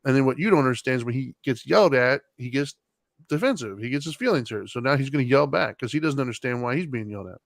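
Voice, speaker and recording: A man's voice: medium pitch, fast, creaky, no room sound. A man in his thirties on a podcast, talking casually and telling a story at an easy, meandering pace. His voice sits in a middle register and is heard close and dry, with no room sound around it. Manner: relaxed, rambling with many fillers and laughs. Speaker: podcast co-host.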